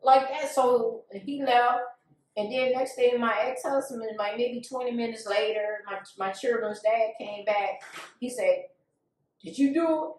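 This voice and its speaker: A woman tells her own story with raw feeling and slips into the voices of the people in it. Her voice sits a little high. She sounds set back from the microphone in a strongly echoing room. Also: steady tone, unhurried, recorded from a distance, a little hiss or hum. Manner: emotional storytelling, acts out quoted voices. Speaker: guest. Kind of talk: candid personal testimony.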